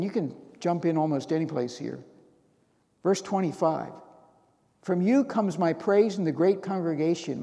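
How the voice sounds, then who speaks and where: Male preacher with a high voice, recorded in a reverberant hall, building to loud emotional passages. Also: gravelly. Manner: rising to loud emotional bursts reading scripture. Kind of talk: sermon.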